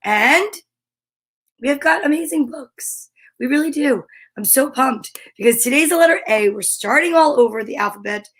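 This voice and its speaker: A woman hosting a livestream story time, chatting excitedly and greeting viewers by name. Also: high voice, moderate pace. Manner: bubbly and excitable, reads out viewer comments.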